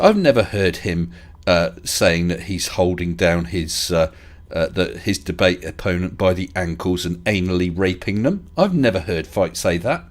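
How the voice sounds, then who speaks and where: A man's voice: low voice, animated, normal speed, few pauses. A man hosting a casual live stream chat, talking in a hesitant, chatty way with restarts and chuckles. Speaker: livestream host.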